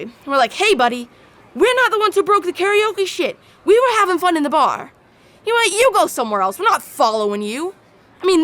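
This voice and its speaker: A woman performing a theatrical monologue as a rowdy young adult, telling crude bar stories. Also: sits high. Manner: animated, brash storytelling with crude asides. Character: rowdy young adult bragging about wild bar nights.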